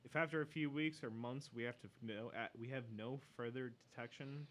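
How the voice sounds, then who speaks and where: A man's voice: medium pitch, fairly quick, a bit bright, slight background noise. Profane man reading news with snark. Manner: profane, sardonic asides while reading. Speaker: podcast co-host. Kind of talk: casual banter, reading a news article aloud.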